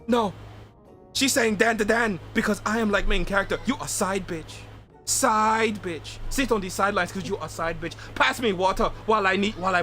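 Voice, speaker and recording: A man voicing a crude, boastful but cowardly male adventurer, loud and cocky in broken English, in a comedic reading of game dialogue. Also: sits high.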